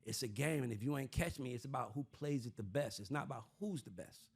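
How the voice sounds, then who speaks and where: Husky streetwise man, animated panel host. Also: mid-range voice, quick pace. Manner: animated, acts out voices of others while explaining; profane, streetwise talk. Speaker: podcast host. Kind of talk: casual panel chat.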